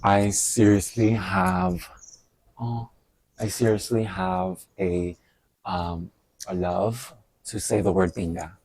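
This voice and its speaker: Guy rambling on a vlog, husky and kinda low, swears a lot, laughs at his own jokes. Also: fairly even intonation, slow, a little mellow, no echo. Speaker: vlogger. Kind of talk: casual stream-of-thought monologue.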